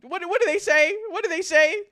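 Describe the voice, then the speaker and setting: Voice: extremely high pitch, a little fast, bright, forceful tone. A VTuber streamer chatting casually with chat, reading messages aloud, swearing freely and often breaking into laughter.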